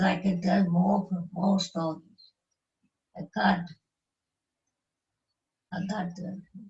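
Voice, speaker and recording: A woman in her nineties from South Africa with a South African Indian English accent, telling her life story in halting, broken English while grieving. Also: medium pitch, darkish tone, far from the mic. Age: 90s. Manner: slow, halting broken English with short phrases. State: grieving, emotional. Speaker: interview guest. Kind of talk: tearful life-story recollection. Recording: echoey dull live-stream audio.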